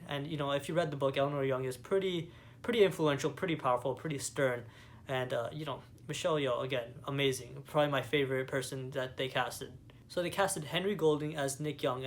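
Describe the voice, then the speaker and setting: A man's voice: a little high, slight background noise. A young man from Canada giving a casual movie review, rambling with lots of fillers and enthusiasm. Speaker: vlogger.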